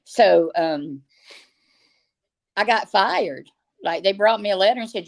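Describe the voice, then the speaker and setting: Female guest, low, gravelly voice, earnest storyteller. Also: unhurried. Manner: earnest, faith-driven storytelling. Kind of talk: casual interview storytelling.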